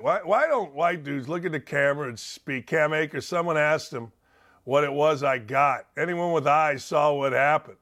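Man, talk show host, fairly high pitch, sarcastic, heated, ranting commentary. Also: moderate pace, fairly bright tone. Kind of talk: opinionated commentary rant.

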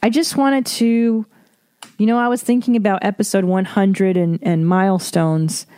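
A woman's voice: mid-range voice, fairly even intonation, normal speed, warm tone, smooth. A woman in her thirties hosting a podcast alone, talking in a frank, profane, self-deprecating and rambling way. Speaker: podcast host. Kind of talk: casual solo podcast monologue.

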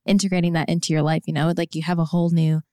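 A woman co-hosting a casual podcast chat, agreeing often and asking gentle, searching questions. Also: on the low side, level tone, rapid-fire, dry recording, studio quality. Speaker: podcast co-host.

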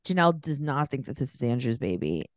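A woman's voice: rumbling low, quick pace, no room sound, studio quality. A woman co-hosting a podcast, recapping a reality show in casual chat and acting out the quotes. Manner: animated storyteller, acts out quotes. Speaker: podcast co-host.

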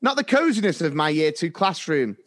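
A man with a noticeably high voice co-hosts a casual podcast. He reads listener stories aloud, breaking into laughter along the way. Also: big pitch swings, fairly quick. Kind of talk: casual chat.

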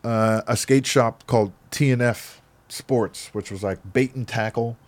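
A man, a guest on a podcast, telling animated stories about his past in a casual way, often adding "right?". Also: mid-range voice, a little slow. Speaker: podcast guest, skateboard company founder. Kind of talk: casual storytelling.

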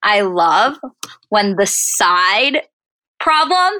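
A woman's voice: mid-range voice, very animated, extremely slow, sharp tone. A young adult woman co-hosting a podcast, chatty and enthusiastic in casual conversation. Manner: chatty, enthusiastic, laughs often. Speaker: podcast co-host. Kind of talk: casual recap chat.

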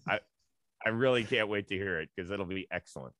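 A man's voice: lowish voice, brisk, fairly bright tone, no echo. A man hosting a podcast, trading casual banter and plugging upcoming episodes with a chatty manner. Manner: chatty, hypes guests and sign-offs. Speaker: podcast host.

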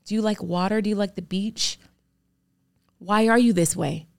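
A woman in her thirties talks candidly as a guest on a podcast, her voice sitting at an ordinary middle pitch. She speaks earnestly and with emphasis. She often stacks one rhetorical question on another. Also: normal speed, creaky. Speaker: podcast guest, actor and producer. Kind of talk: candid interview talk.

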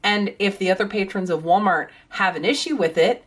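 A woman's voice: mid-range voice, brisk. Blunt, swearing woman guest. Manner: blunt and profane. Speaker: podcast guest; parent. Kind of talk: casual podcast chat.

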